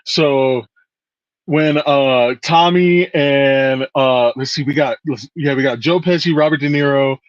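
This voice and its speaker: A man's voice: mid-range voice, unhurried, no echo, muffled recording. A man co-hosting a podcast in casual chat, rambling with many hesitations and casual swearing. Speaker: podcast co-host.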